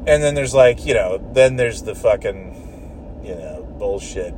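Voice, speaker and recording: Man, casual vlog rant from a car, mellow dark voice, lots of swearing and false starts. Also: on the low side, lively intonation, a little slow, slight background noise. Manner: profane, rambling, exasperated, with frequent restarts.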